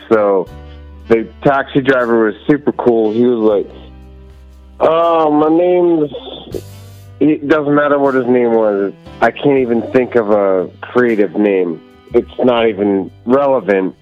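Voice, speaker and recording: A man's voice: mid-range voice, muffled recording. A man calling in to a live show, rambling on in a playful way. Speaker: caller. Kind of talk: call-in chat.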